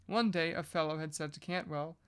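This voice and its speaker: Podcast reader going through a novel out loud, smooth clear voice, mid pitch, steady reading. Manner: measured reading with casual joking asides.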